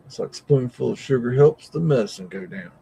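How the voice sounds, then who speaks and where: A man's voice: medium pitch, lively intonation, fairly quick, gravelly, dark tone, a little hiss or hum, poor audio. Brief: male host, live reaction commentary, exclamatory and rambling, easily amazed. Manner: exclamatory, frequent mild swearing, thinking aloud.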